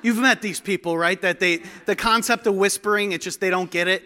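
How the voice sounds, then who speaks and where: A man preaching a sermon, telling stories with humor and animated delivery. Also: high-pitched, brisk, few pauses.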